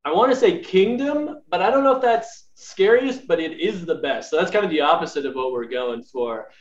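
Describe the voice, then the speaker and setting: A man's voice: fairly high pitch, lively intonation, normal speed. A man co-hosting a podcast in casual chat, thinking aloud as he answers. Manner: musing, thinks aloud with fillers. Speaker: podcast co-host. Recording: roomy, dull lo-fi remote audio.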